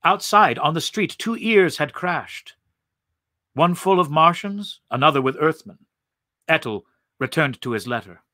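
A man reading a story aloud in an expressive narrating voice. He speaks slowly with a lively, bright, slightly high tone. The sound is dry and close, with no room echo. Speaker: reader.

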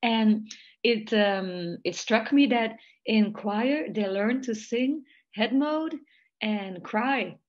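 A woman's voice: fairly high pitch, takes it slowly, muffled recording. A Belgian woman who teaches jazz voice, speaking English in an online interview and analyzing singing technique in a thoughtful, careful way. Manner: thoughtful, analytical, light laughs between points. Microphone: video call.

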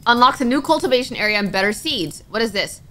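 A young woman giving let's-play commentary, jumpy and excitable, quick to panic and squeal at scares. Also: a little high. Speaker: gaming YouTuber.

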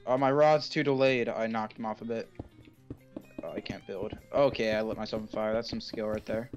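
A man chatting casually while gaming with friends, reacting quickly to fights and getting frustrated with the game. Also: lowish voice, steady tone, a little mellow, dull audio, faint music behind. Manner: quick live reactions during combat. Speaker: gamer playing with friends.

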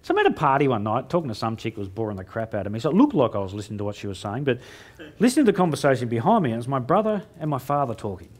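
A middle-aged man giving a humorous keynote on stage before a live audience, joking and mocking himself with quick asides. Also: mid-range voice, big pitch swings. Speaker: motivational speaker.

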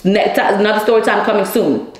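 A woman's voice: medium pitch, fast talker. A woman telling a story in a casual monologue to her viewers, speaking bluntly, swearing heavily and calling them y'all. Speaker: storyteller vlogger. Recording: echoey room.

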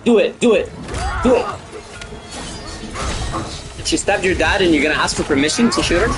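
A man hosting his gaming channel, yelling, swearing and reacting loudly while he plays, with game sound playing from his speakers. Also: sits high, moderate pace, long pauses. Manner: loud, excitable, swears and yells at the game. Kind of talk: rage-reaction gameplay commentary. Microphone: home setup with surround sound speakers. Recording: voice mixed over game audio. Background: game music.

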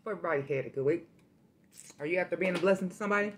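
Chatty woman vlogger with a low voice. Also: racing, a little hiss or hum. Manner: chatty, addresses viewers directly, animated storytelling. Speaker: food vlogger. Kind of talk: casual eating vlog with storytime.

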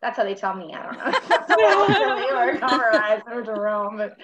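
A woman's voice: on the high side, big pitch swings, moderate pace, a crowd in the background, rough recording. A woman from the American South, raised speaking both French and English, chatting casually as an actress guest and laughing often as she trails off with fillers. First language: French and English bilingual. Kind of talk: casual chat.

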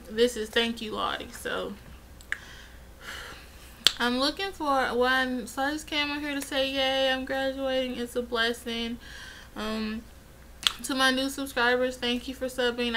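A woman's voice: fairly high pitch, pushed and bright, slight background noise, low-quality recording. A young woman chatting casually in a vlog, rambling and getting heated as she retells events. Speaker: vlogger.

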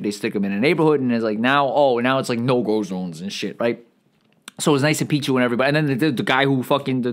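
A man hosting a podcast, talking in a rambling, profane comedic monologue, full of restarts and stammers, who says he feels bloated and irritable. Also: medium pitch. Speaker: podcast host.

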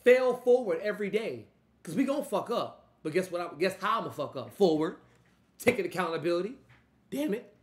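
A man giving loose, animated, profane reaction commentary, trailing off and restarting. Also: high voice, brisk. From Louisiana. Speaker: music reaction host. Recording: echoey room.

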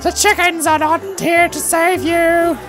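A gamer voicing Satan as a high, drawn-out, mocking taunt. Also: little pitch movement, a bit bright, soft background music. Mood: menacing taunt.

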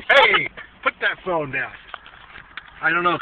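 A man's voice: fairly high pitch, wildly swooping pitch, very slow, vocal fry, narrow, tinny audio, heavy background noise. A man chatting playfully with a toddler in a home video, teasing and sing-song, from a parked car.

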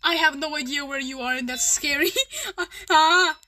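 A woman chatting casually while gaming with friends, excitable and dramatic, shrieking, laughing and complaining loudly. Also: high voice, normal speed. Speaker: channel host.

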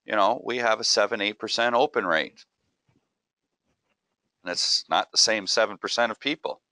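Middle-aged guy hosting a marketing show, chatty and blunt, lowish bright voice, dry sound. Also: normal speed, no echo. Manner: conversational, emphatic, plain-spoken. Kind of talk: casual commentary.

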